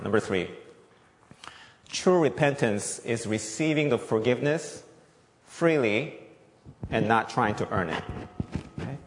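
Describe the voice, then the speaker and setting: A man's voice: on the low side, vocal fry. Emphatic male preacher in a reverberant hall. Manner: emphatic, repeats key points, asks the audience questions. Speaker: pastor. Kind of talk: sermon. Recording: long echoey reverb.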